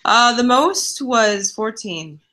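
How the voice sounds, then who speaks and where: A woman's voice: a little high, expressive, takes it slowly, pushed and bright. A woman from Chicago with a nasal Midwestern accent, chatting bluntly and casually as a livestream host. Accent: Midwestern American, Chicago. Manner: blunt, swears freely. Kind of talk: casual chat.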